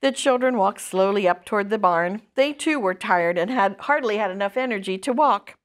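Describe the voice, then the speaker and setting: A woman storyteller reading a children's book aloud in an expressive, lively way. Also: medium pitch, normal speed.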